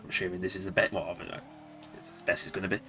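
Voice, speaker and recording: A man's voice: low-pitched, level tone, fast, bright, forceful tone, soft background music. Chatty Yorkshire man streaming games. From Leeds, England. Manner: rambling, chuckling, talks to himself while playing. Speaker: game streamer. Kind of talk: casual live-stream commentary.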